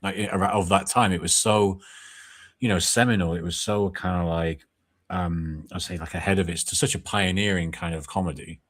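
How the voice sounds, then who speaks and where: A man co-hosting a casual podcast chat, talking in a relaxed, rambling way with lots of "like" and "you know". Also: sits low, moderate pace. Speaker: podcast co-host.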